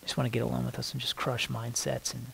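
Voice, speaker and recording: A man praying aloud in spontaneous prayer, soft and halting, repeating words as he searches, sometimes dropping to a hushed near-whisper. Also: medium pitch, completely flat delivery, gravelly, a little hiss or hum, rough recording. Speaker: worship leader praying aloud.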